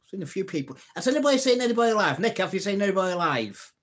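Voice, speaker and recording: A man's voice: high-pitched, very animated, very fast, a bit bright. A man hosting a casual live stream, telling old jokes, reading out viewer comments and laughing at his own punchlines. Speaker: livestream host.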